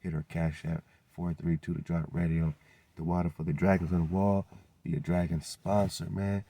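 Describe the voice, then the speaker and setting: Man hosting a radio show, deep mellow voice, preachy and hyped, says "man" a lot. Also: little pitch movement, normal speed, slightly rough, dry recording. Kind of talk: casual monologue with promo plugs.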